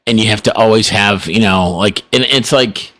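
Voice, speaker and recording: Laid-back low-voiced podcast co-host man. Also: normal speed, a bit bright. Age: middle-aged. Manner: rambling, laid-back, chuckles often. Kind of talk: casual chat.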